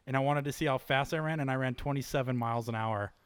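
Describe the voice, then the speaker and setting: A man's voice: mid-range voice, fast talker, clear, resonant tone, dry recording, clean studio sound. Jokey male podcast co-host. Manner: jokey, laughs often, trailing sentences. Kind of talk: casual chat.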